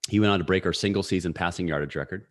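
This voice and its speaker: Low-voiced man in his forties. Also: very fast. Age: 40s. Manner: energetic, story-driven talk with frequent fillers. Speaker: podcast guest. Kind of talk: casual storytelling.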